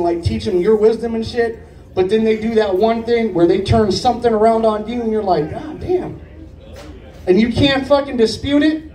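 A man in his late thirties doing stand-up, with a high but mellow voice and a loose, cursing, rambling way of telling stories. He sounds distant from the microphone, in an echoey room. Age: 30s. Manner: profane, rambling conversational delivery. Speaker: stand-up comedian. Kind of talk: stand-up storytelling set. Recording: echoey room picked up from far off.

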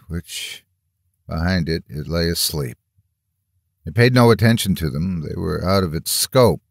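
Man, very low voice, horror story narration, dry close mic, measured dramatic reading. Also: no echo.

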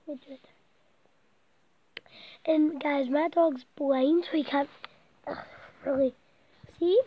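A woman's voice: high-pitched, steady tone, takes it slowly, muffled recording. A woman vlogging from inside a small blanket fort at night, out of breath, rambling and chatty and now and then dropping to a whisper. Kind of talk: casual night vlog. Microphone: camera set close by.

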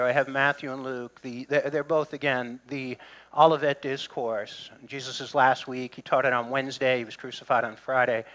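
Middle-aged man, pastor, preaching to a congregation, chatty and joking, higher voice, crisp bright tone. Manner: conversational preaching with humor and asides to the congregation. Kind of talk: sermon.

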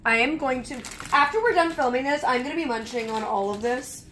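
A woman's voice: high voice, lively intonation, brisk, noisy background. A young adult woman vlogger chatting casually while taste-testing snacks, talking in a loose, rambling way full of "like". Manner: chatty, leans on "like" as filler.

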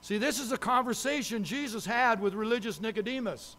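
A man with a fairly high voice delivers a sermon as a pastor. He preaches with emphasis, hammering key words and repeating phrases. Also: a little fast, fairly bright tone.

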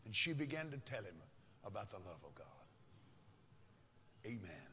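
A man preaching a sermon in a church, dramatic and swinging from loud shouts to hushed whispers. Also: medium pitch, sing-song, moderate pace, long pauses. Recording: long reverb of a large hall.

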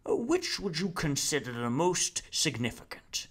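A man's voice: sing-song, a little slow, a bit bright, full character voice. A man voicing a grandiose, preaching figure who lectures a crowd in solemn, declamatory tones. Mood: questioning. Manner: solemn, declamatory, booming calls.

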